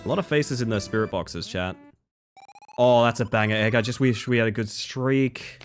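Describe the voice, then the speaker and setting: A young man chatting casually with his livestream audience, swinging between nervous mumbling and excited high outbursts. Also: normal speed, faint music behind. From Western Australia.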